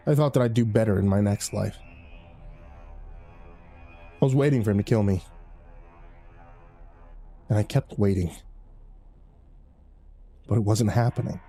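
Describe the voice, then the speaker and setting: A man narrating a first-person horror story in a measured, grim way. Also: on the low side, mellow.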